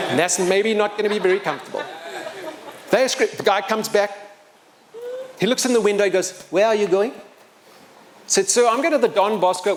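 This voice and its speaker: A man telling a story live to an audience, acting out the people in it. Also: sits high. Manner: animated, acts out the people in his story. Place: open-air pavilion.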